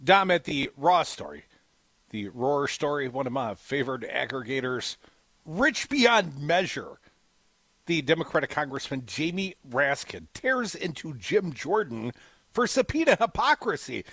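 A man's voice: fairly high pitch, big pitch swings, moderate pace, fairly bright tone, breathy edge, no echo, rough recording. A man co-hosting a political talk show, reading the news with blunt, salty asides. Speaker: co-host.

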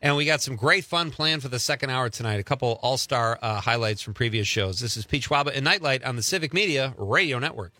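Animated, opinionated male radio host. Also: mid-range voice, fast talker, few pauses, music in the background. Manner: animated, opinionated, laughs often. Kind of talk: casual talk radio banter. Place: radio studio.

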